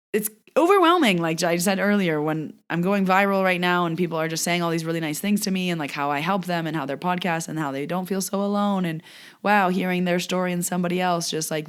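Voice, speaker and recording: Here a podcast host living in a Canadian mountain town, who practices Reiki, recounts a client story in a casual, filler-heavy way. She acts out the lines people said, speaking in a smooth voice on the low side.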